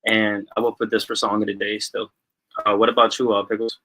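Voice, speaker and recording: A man's voice: lowish voice, little pitch movement, fairly quick, bright, forceful tone, rough recording. A man hosting a livestream music review, giving casual feedback with lots of filler words over a video call. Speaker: music review show host.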